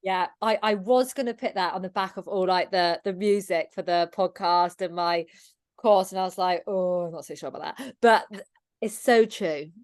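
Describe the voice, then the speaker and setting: A woman's voice: medium pitch, smooth. A woman hosting a podcast, chatting enthusiastically with her guest. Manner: enthusiastic, chatty, quick to laugh. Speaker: podcast host. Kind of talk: casual interview chat.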